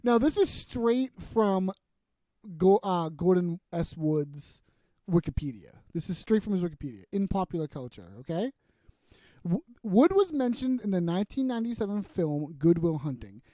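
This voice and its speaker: A man's voice: high voice, very animated, moderate pace, dark tone, no room sound. Guy cohosting a comedy podcast, dry close mic, rambly and laughing. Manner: rambling, chatty, laughs often. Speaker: podcast co-host. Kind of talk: casual chat recapping a TV episode.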